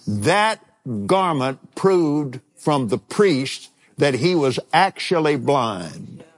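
Slow, lively older male preacher. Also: on the high side. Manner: animated storytelling with chuckles. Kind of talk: sermon with personal storytelling.

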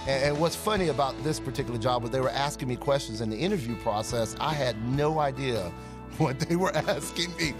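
A man sharing a personal testimony in an earnest, animated way, acting out the dialogue he quotes. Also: mid-range voice, brisk. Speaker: ministry partner giving a testimony. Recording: guitar music playing underneath. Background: soft guitar music.

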